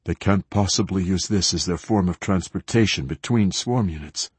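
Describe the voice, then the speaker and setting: A frightened male scholar murmurs in a low, shaky voice, put on by a male narrator. The voice is pitched down and dropped to a near-hush, husky and dry. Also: normal speed, no room sound. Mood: shaken. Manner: shaky, hushed. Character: nervous male scholar, shaken.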